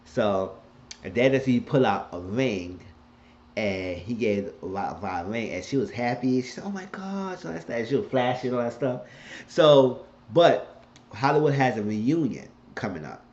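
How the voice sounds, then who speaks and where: A man's voice: lowish voice, darkish tone, slight background noise. A man casually recapping a TV episode, rambling and colloquial as he retells the scenes. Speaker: TV show recapper. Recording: dull lo-fi recording.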